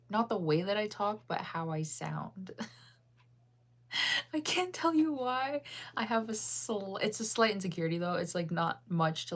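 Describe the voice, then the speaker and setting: Reading chat aloud during a livestream, a woman in her thirties from the United States rambles casually, with lots of ums and laughter. Her voice sounds deep.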